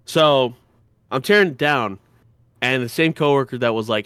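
A man's voice: mid-range voice, normal speed, fairly bright tone, smooth, dry recording. Blunt swearing man, dry close sound. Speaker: podcast co-host. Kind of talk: casual chat.

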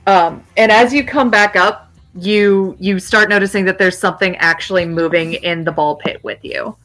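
Bright-voiced young woman running a game. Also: mid-range voice, moderate pace, soft background music, poor audio. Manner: laughs often, casual and playful. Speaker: game master. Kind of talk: narrating a tabletop game.

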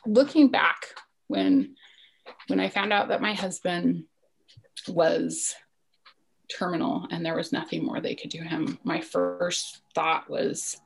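A woman's voice: lowish voice, animated, takes it slowly, creaky, slight background noise, rough recording. A woman in her forties, a podcast guest, telling a personal story in an earnest, reflective way that sometimes sinks to a near-whisper.

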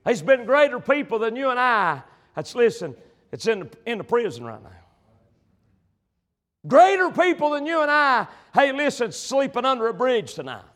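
A male preacher delivering a sermon, emphatic and swinging between loud passages and hushed ones. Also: very high voice, sing-song, moderate pace.

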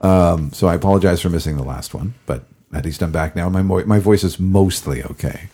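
A man hosting a casual hockey podcast, his voice a little gravelly, rambling with fillers and self-corrections. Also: low voice, brisk, dark tone. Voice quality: gravelly, recovering voice. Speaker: podcast host.

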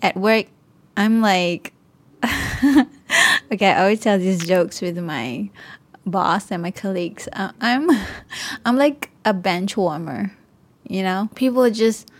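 A woman's voice: mid-range voice, slow, long pauses. A woman in her thirties with a Malaysian accent, hosting a podcast and ranting candidly, swearing and laughing often. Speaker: podcast host.

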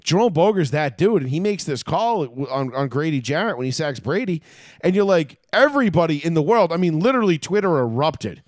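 A man ranting in casual sports chat as a podcast co-host, profane and animated. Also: a little high, brisk, no echo, studio quality.

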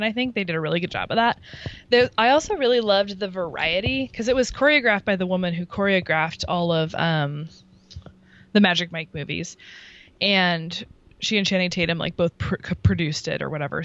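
A woman's voice: fairly low pitch, a bit bright, lo-fi sound. A woman telling a story in casual chat, talking in a loose, chatty way full of likes and ums. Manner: chatty, filler-heavy with many likes and ums. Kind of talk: casual chat, recounting a show.

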